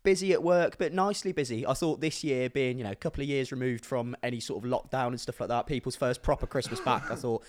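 A man from Leicester co-hosting a music podcast, telling stories and teasing in casual banter. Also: medium pitch. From Leicester, England. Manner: quick, animated storytelling with teasing. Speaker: podcast co-host. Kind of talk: casual chat.

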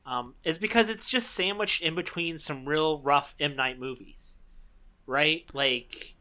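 A man co-hosting a podcast, chatting in an animated, enthusiastic way. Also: on the high side, a little slow. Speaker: podcast co-host. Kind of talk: casual chat.

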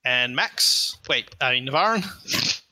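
A man's voice: medium pitch, expressive, slow pace, pushed and bright, dry recording. A man running a tabletop game as game master, narrating the scene in a casual, meandering way and often correcting himself. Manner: casual, meandering descriptions with frequent self-corrections.

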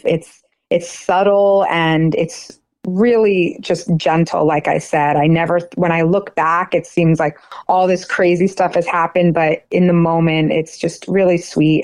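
A woman in her thirties from New Jersey, a singer-songwriter guest chatting casually, bubbly and quick to laugh. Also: low voice, darkish tone, no room sound. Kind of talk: casual interview chat.

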